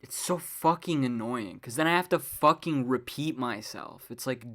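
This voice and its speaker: A woman's voice: very deep voice, animated, normal speed, fairly bright tone. A woman hosting a casual solo podcast, rambling with many fillers and frequent swearing in an exasperated rant. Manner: exasperated ranting. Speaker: podcast host.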